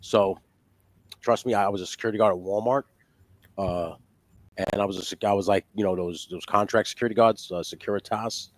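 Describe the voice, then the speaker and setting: A man's voice: fairly low pitch, fairly quick, no room sound. A man on a casual podcast, telling swear-laden stories and acting out other people's lines. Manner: swearing, animated storytelling with quoted voices. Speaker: podcast host. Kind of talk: casual chat.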